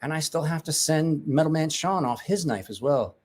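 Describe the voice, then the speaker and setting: A man's voice: a little high, lively intonation, moderate pace, darkish tone, breathy edge. A man casually chatting with viewers on a livestream, joking, rambling and swearing freely. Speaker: livestream host.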